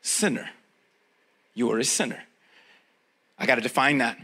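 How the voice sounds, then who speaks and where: A man's voice: medium pitch, normal speed, bright, forceful tone, husky. A man preaching a sermon as a pastor, talking straight to his listeners in a conversational way and driving points home with repetition.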